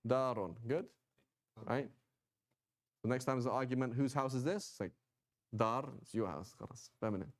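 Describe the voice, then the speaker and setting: A man at a middle pitch teaches a relaxed, chatty class. He keeps checking in with his listeners and slips in easygoing jokes as he explains. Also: brisk, long pauses. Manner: chatty, checks in with "right?" and "okay?"; joking asides. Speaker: Quranic Arabic teacher. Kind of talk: informal class lecture.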